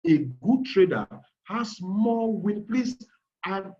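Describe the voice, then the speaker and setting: A man's voice: high voice, slow, mellow, muffled recording. A man with a Nigerian accent giving an emphatic online trading webinar, repeating key words and calling out to the audience. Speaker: trading instructor. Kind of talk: webinar sales pitch.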